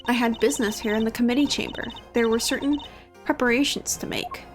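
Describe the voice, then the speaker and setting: A woman's voice: on the high side, fairly even intonation, fairly quick, faint music behind, close to an everyday voice. A woman reading as a haughty accused prosecutor. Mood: defensive. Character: indignant woman prosecutor under suspicion.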